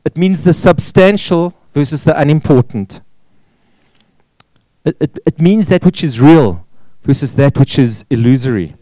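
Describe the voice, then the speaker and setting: A man's voice: fairly high pitch, dark tone, no echo, rough recording. A man preaching a sermon, pressing points with repeated words and rhetorical questions. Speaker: pastor.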